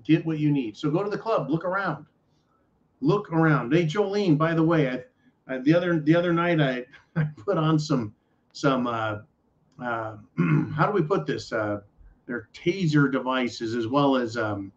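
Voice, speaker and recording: A man's voice: fairly high pitch, measured pace. A man hosting a podcast, rambling and ranting with profanity and sarcasm. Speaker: podcast host. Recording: dull lo-fi audio.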